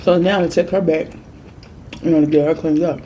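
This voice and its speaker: A woman food vlogger chatting through a storytime while she eats, with emphatic repeats and lively quoted voices. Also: low-pitched, fairly quick, slight background noise. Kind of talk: casual storytime while eating.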